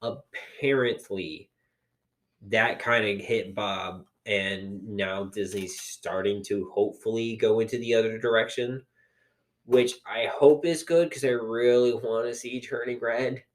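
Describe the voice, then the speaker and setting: Low-ish guy podcasting, loose rambly chat, lots of ums. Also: steady tone, a little slow. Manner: rambling, filler-heavy, swears for emphasis. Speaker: podcast co-host. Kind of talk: casual chat.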